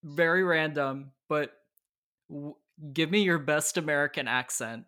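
A male podcast host with a bright, slightly high voice, chatty and eager with his guest. He talks in a loose, easy way and laughs easily. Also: unhurried. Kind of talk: casual interview chat.

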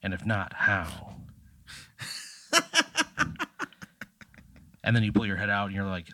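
Man, game master, deep voice, loose chatty storytelling, dry close mic. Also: measured pace, long pauses, pushed and bright, breathy edge, no echo. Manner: loose and chatty, full of fillers. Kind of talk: improvised narration of a comedy tabletop game.

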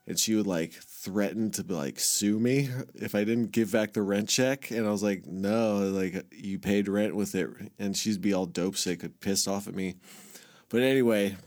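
Rambling, profane low-voiced man. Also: normal speed, a little mellow. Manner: rambling, profane, heavy filler words; self-mocking, laughs at himself. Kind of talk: casual storytelling monologue.

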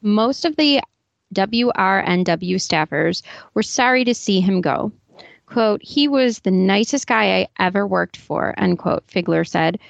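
A woman co-hosting a podcast who speaks in a skeptical, measured way and reads book passages aloud. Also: mid-range voice, lively intonation, vocal fry, no room sound. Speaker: podcast co-host. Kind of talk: casual chat and reading book passages aloud. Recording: slightly dull, dry sound.

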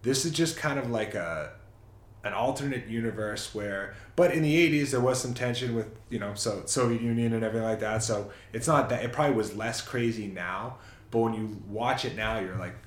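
A man's voice: lowish voice, a little fast, echoey room. A man casually retelling a film's plot in a rambling, self-correcting way on a chat show. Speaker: podcast co-host. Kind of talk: casual movie recap chat.

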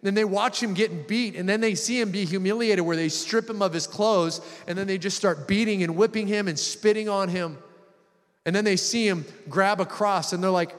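A man's voice: high-pitched, normal speed. Preacher man in a reverberant hall. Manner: dramatic, acts out quoted voices with rising intensity. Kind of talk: sermon reading and retelling scripture.

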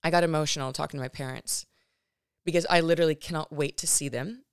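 A woman with a low voice hosts her own podcast, reflecting earnestly and emotionally on her life with many fillers and restarts, at times near tears. She speaks quickly with fairly even intonation, and the studio-quality recording is clean, with no room sound.

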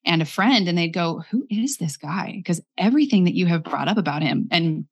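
A woman's voice: on the low side, lively intonation, dull audio. Candid woman telling a personal story. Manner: candid, reflective, with quick quoted asides. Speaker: guest.

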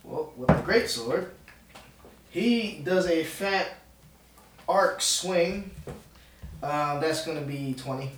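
A man's voice: a little high, animated, takes it slowly, long pauses, fairly bright tone, recorded from a distance. A man playing in a tabletop game, chatting casually in laid-back slang. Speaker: player. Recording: echoey room with faint noise.

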